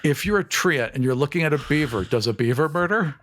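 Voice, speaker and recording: A man's voice: on the high side, lively intonation, fast talker, a bit bright, slight background noise. A man co-hosting a podcast in casual chat, easygoing and explaining his points. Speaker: podcast co-host.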